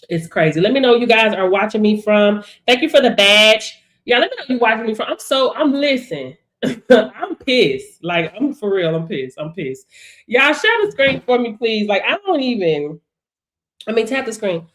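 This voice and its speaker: A woman's voice: medium pitch, normal speed. Emphatic woman coach on a live stream. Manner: animated and emphatic, swings loud and soft, repeats phrases. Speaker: business coach. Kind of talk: casual live stream chat.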